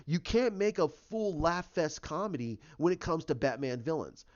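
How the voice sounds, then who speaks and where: A man's voice: fairly high pitch, very animated, normal speed. A man giving his opinions in a casual vlog, ranting in an opinionated way. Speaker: YouTuber. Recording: dull lo-fi recording.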